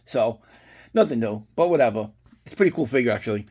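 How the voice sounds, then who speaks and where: A middle-aged man talking loosely to his viewers, swearing freely and wandering off into side stories. His voice is dark and mellow with a husky edge. He sounds relaxed and conversational, like a regular vlogger showing off his collection. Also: medium pitch, fast talker. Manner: rambling, profane storytelling. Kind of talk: casual unboxing chat.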